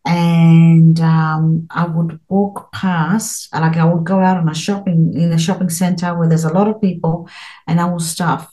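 A woman's voice: fairly low pitch, level tone, measured pace, dark tone, poor audio. Earnest, rambling middle-aged woman. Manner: rambling, earnest, many restarts and ums. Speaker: guest. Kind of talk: interview, spiritual experiences.

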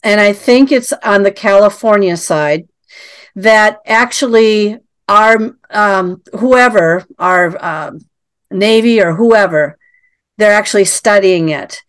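A woman's voice: medium pitch, takes it slowly, clean tone. A woman hosting a casual interview, asking long, hesitant questions full of restarts and hedges. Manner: rambling, hesitant, hedging questions. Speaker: interview host.

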